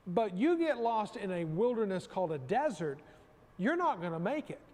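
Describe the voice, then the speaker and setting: A man preaching in a high, ringing voice, carried by a long reverb that trails after each phrase. He presses his points hard, circles back on key phrases and calls the congregation to speak along with him. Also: sing-song, normal speed, darkish tone. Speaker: pastor. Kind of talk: sermon.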